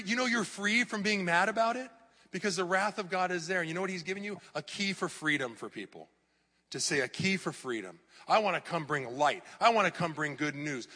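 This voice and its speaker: A middle-aged male pastor preaching an animated sermon in a church, sometimes mocking clickbait headlines in a raised voice. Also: mid-range voice, big-room sound. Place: church hall.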